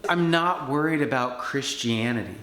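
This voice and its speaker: Man telling a story with animated energy. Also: medium pitch, moderate pace. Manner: animated storyteller, acts out quoted voices. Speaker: conference speaker. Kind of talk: storytelling talk. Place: conference hall. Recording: echoey room with faint background noise.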